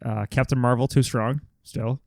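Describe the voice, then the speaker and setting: A man co-hosting a podcast, chatting casually and telling joking stories in an animated way. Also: medium pitch, creaky, dry recording, clean studio sound. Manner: fast, joking, animated storytelling. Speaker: podcast co-host. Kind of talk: casual chat.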